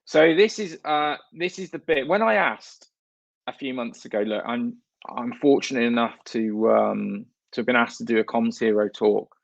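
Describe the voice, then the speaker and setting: A man's voice: mid-range voice, moderate pace, vocal fry, dry recording, dull audio. A man from northern England giving a blunt, jokey, sweary conference talk on stage. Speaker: conference speaker.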